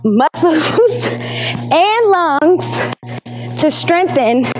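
A woman teacher leads an exercise class for school television, coaching and counting down each move. Her voice sits high and she keeps an unhurried pace. Faint music plays underneath. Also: lively intonation. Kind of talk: leading a workout class. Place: indoors, recorded for school television.

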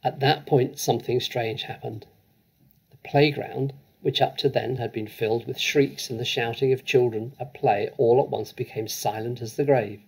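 A man reads a children's story aloud in a measured, expressive way. His voice is gravelly, with a husky edge, and sits at an ordinary pitch. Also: rough recording. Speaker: story reader.

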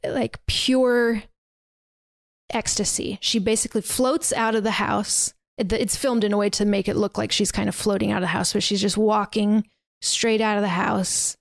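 A woman's voice: medium pitch, steady tone, normal speed, gravelly, dry recording. A young woman on a podcast, retelling a horror film casually, with lots of "like" and little laughs. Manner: chatty, many fillers like "like", laughs while retelling. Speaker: podcast host recapping a film. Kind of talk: casual film recap storytelling.

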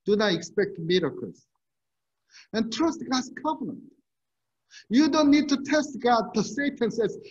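Male pastor, earnest sermon delivery, unhurried, dull lo-fi recording. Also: extremely high pitch, sing-song, darkish tone. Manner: earnest, measured preaching with rhetorical questions. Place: church sanctuary.

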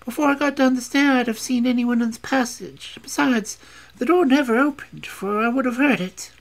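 A man's voice: very high voice, moderate pace, creaky, voice pushed up. A man voicing an anxious young female servant who protests insistently.

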